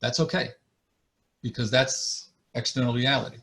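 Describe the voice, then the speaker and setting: Man, therapist, online lecture, earnest, middle pitch, acts out examples, video call audio. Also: steady tone, normal speed, fairly bright tone. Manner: earnest, explains with acted examples. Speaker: marriage therapist.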